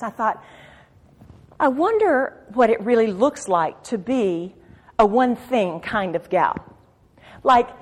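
Middle-aged woman Bible teacher, slightly high voice, impassioned sermon delivery, echoing hall. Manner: impassioned, swings from soft confiding to urgent exhortation. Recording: long hall reverb.

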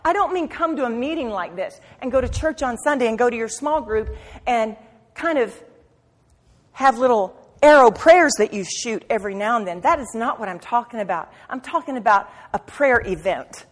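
A woman preaching a sermon at a women's meeting, impassioned, swinging from quiet asides to loud cries and repeating phrases for emphasis. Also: a little high, animated, normal speed. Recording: long hall reverb.

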